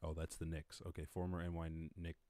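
A low-voiced Irish man hosting a casual livestream, talking close to the mic. He rambles, swears freely and laughs at his own jokes. The sound is dry and close. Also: monotone, brisk, warm tone, dry recording. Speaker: podcast host.

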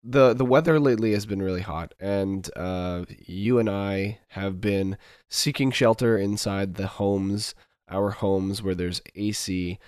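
A low-pitched man hosts a podcast in casual chat, his voice smooth and clear. He hesitates often, filling gaps with ums. The sound is dry and close. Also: a little slow, darkish tone, no room sound. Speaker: podcast host.

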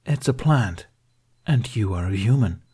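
A man's voice: fairly low pitch, expressive, unhurried, a little mellow, husky, exaggerated voice. A man voicing a young male Jedi apprentice who is earnest, polite and hesitant.

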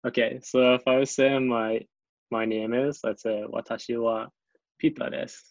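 A Northern Irish man talks easily as a guest, relaxed and self-deprecating, circling back over his own words. His voice sits in a middle register. The recording is dull and lo-fi, with a close, dry sound. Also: mid-range voice, normal speed, dry recording. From Northern Ireland. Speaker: guest, English teacher abroad. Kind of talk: casual chat.

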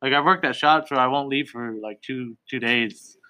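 A man's voice: medium pitch, moderate pace, bright, forceful tone, clean tone. A young man, a tattoo artist guest, telling stories in a casual, profane, laid-back way with lots of laughter. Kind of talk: casual podcast storytelling.

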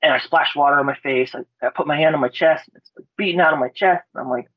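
A man from Alaska, a guest on a podcast, telling a story in a rambling, excitable way, swearing and restarting his words. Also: fairly high pitch, quick pace, no echo. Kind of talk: casual storytelling. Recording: dry, dull lo-fi audio.

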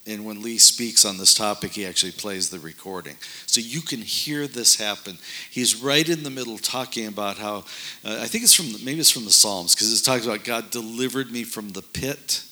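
Lower-voiced man, bright earnest speaker. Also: fairly quick. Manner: earnest storytelling with frequent fillers and restarts. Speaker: Christian speaker on miracles. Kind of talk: casual spoken discussion.

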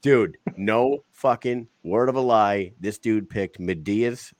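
A man's voice: fairly low pitch, slow, a little mellow, dry recording. A man in his forties hosting a casual podcast, telling stories with plenty of swearing and laughter. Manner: profane, laughing storyteller. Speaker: podcast host.

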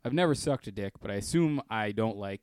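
A man co-hosting a comedy podcast, delivering wry deadpan jokes in casual chat. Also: fairly low pitch, a little fast, clear, resonant tone, no room sound, studio quality. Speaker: podcast co-host.

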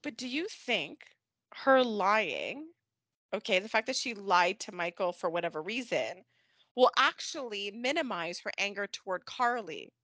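A woman co-hosting a casual podcast chat, animated and laughing often, acting out characters' lines as she recaps. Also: mid-range voice, unhurried, no room sound. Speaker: podcast co-host.

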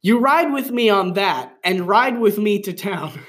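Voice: medium pitch, expressive, a little slow, a bit bright, pitched above the performer's own voice. A reader voicing a cocky country boy from a story they are reading aloud, delivered in an overblown, emphatic way.

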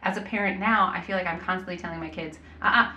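A woman's voice: on the low side, quick pace, reverberant, slight background noise. A woman in her thirties, a podcast guest telling stories in casual chat and acting out what people said. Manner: animated storytelling, acts out quotes.

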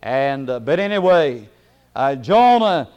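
A man preaching a sermon in a folksy way, chuckling often and hesitating with fillers, then rising into loud emphatic bursts. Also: medium pitch, sing-song, takes it slowly, clear, resonant tone.

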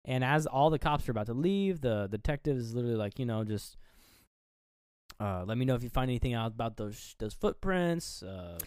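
A man's voice: mid-range voice, expressive, a little fast, a little mellow, clean tone, dry recording, studio quality. A young man co-hosting a podcast, casually recapping a film and acting out the characters' lines, swearing freely. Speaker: podcast co-host. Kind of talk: casual movie recap chat.

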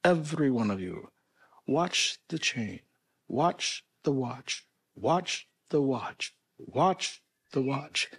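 A flamboyant stage hypnotist in tails and top hat, as a man puts him on with a Polish accent. He speaks grandly in a raised voice and draws his words out slowly. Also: medium pitch, sing-song, fairly bright tone, husky, voice pushed up, heavily acted. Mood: hypnotic. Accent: Polish, put on.

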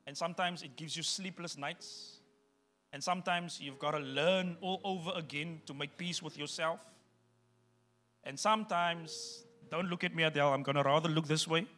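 High, bright-voiced preaching pastor. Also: male voice, fairly even intonation, normal speed, a little hiss or hum. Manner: emphatic preaching that addresses the congregation directly. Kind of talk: sermon.

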